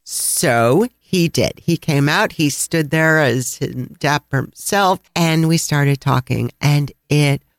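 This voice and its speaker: A man with a Chicago accent, co-hosting a travel podcast and telling a lively anecdote with frequent laughs. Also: fairly high pitch, slow, hardly any pauses, dry recording, clean studio sound. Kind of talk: casual storytelling chat.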